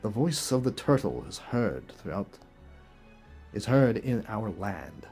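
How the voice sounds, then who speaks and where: A man's voice: fairly low pitch, big pitch swings, slow, a little mellow, faint music behind. A man hosting a video, reading verses aloud and reacting with incredulous, chuckling rhetorical questions in casual commentary. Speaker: video host.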